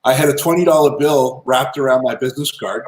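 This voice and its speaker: A man telling lively business anecdotes as an interview guest, in a casual, animated manner. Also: mid-range voice, fast talker. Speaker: guest, entrepreneur and author. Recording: roomy echo.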